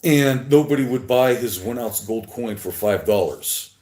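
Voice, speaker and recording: A man livestreaming alone, rambling and halting as he talks to his chat. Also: mid-range voice, lively intonation, a little mellow. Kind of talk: rambling solo livestream talk. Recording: echoey room.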